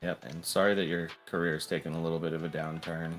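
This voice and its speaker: A man hosting a stock trading livestream, explaining things plainly with a relaxed, joking manner. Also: extremely low pitch, quick pace, soft background music. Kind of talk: casual livestream commentary.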